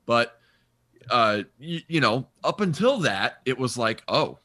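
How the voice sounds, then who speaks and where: A man's voice: medium pitch, very animated, unhurried, a bit bright, no echo, studio quality. A man in casual podcast chat, opinionated and emphatic, often stumbling and restarting his sentences.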